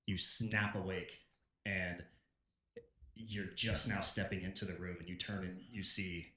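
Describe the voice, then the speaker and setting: Low-ish guy running a d&d game, slow descriptive narration, echoey room. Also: little pitch movement, pushed and bright. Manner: unhurried, descriptive, with restarts. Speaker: game master. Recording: echoey room with faint noise.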